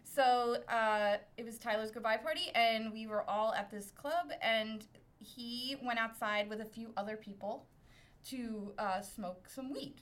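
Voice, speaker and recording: Middle-aged Brooklyn-raised woman, podcast guest spinning a story; higher-than-usual voice with a sharp, bright edge, laughs a lot and pokes fun at herself. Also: measured pace. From Brooklyn, New York. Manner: laughs often, animated and self-mocking. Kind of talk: casual storytelling.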